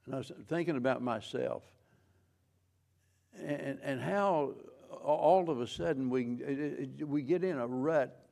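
A man preaching a sermon as pastor, slow and measured, with frequent restarts. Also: medium pitch, gravelly, warm tone.

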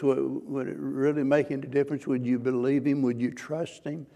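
A man's voice: mid-range voice, little pitch movement, normal speed, vocal fry, mellow. A man preaching a sermon as pastor, earnest and questioning, pressing his listeners with rising, emphatic points.

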